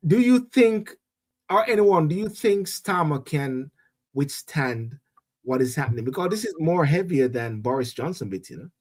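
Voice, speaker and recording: Animated man hosting a political chat show. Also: on the high side. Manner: animated, repeats words when starting a thought. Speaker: show host and reverend.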